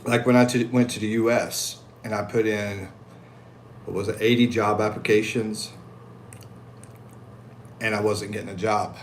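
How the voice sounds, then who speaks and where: This host, an American living in the Philippines, answers viewer comments on a casual livestream, reading them in lively voices and chuckling throughout. He speaks at a moderate pace in a fairly low pitch, pausing often, over a faint hiss or hum.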